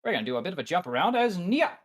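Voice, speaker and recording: Lively-pitched man hosting the game. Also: very fast. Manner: playful, lively. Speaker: game master and host. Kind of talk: casual hosting.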